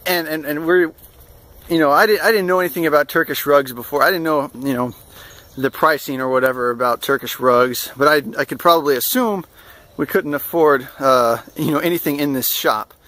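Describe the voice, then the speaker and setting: Young vlogger, fairly high and bright voice, rambling casual storyteller. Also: male voice, brisk. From United States. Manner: rambling, full of fillers and restarts, amused.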